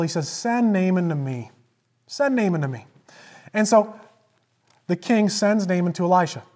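Preacher retelling a scripture story. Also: medium pitch. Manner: storytelling with emphatic repetition; swings between loud emphasis and hushed asides. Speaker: pastor. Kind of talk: sermon.

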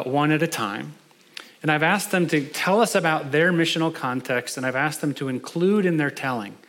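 A man's voice: fairly high pitch, a bit bright. A man serving as pastor, preaching conversationally from the pulpit in his church sanctuary. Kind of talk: sermon.

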